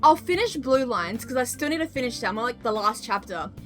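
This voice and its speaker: A young woman live-streaming a game, chatting loudly and excitedly with her viewers. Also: fairly high pitch, fairly quick, faint music behind. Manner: excitable, loud, bursts into squeals greeting chat. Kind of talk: casual live-stream chat while gaming.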